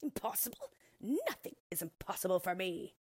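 A woman voicing a proud, boastful female ogre in a storybook, with a husky voice. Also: mid-range voice, wildly swooping pitch, normal speed, darkish tone.

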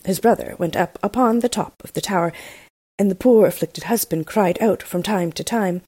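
A woman reading a fairy tale aloud, steady, with small slips. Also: mid-range voice, moderate pace, dry recording. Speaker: storyteller.

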